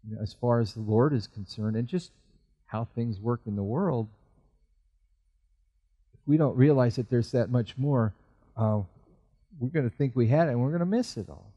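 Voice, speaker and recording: A man's voice: moderate pace, pauses often, dark tone, slightly rough, muffled recording. A man, middle-aged, preaching a sermon earnestly and voicing Bible figures as he goes. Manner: earnest, acts out Bible voices with rising pitch. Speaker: pastor.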